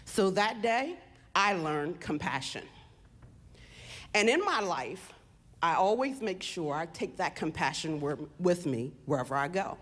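A woman giving an earnest personal speech on stage, slowing down to stress her points. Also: on the low side, big pitch swings.

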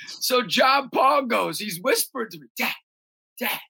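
Man, gravelly, bright edgy tone, animated storyteller, bursts into shouting. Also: a little slow. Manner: excitable, breaks into shouting and high acted voices in stories. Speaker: ministry leader and basketball coach.

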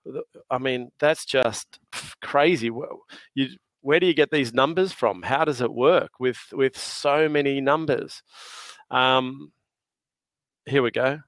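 A man's voice: mid-range voice, slow, a bit bright, no room sound. Jovial Australian man telling stories. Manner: jovial, laughing storyteller with slang. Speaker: podcast guest. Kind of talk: casual chat.

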